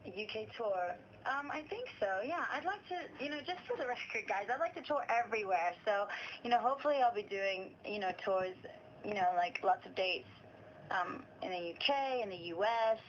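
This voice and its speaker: A woman's voice: a little high, animated, a little fast. Chatty young woman, lo-fi radio studio. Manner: chatty, laughs often, hesitant fillers. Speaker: singer-songwriter guest. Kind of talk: casual radio interview chat. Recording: dull lo-fi sound with faint noise.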